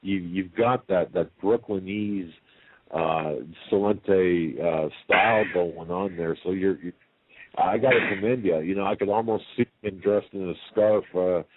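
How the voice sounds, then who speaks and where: Brief: male talk radio host, low pitch, folksy, interrupting, lo-fi dry audio. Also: unhurried, a little hiss or hum. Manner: folksy, interrupting, blessing callers.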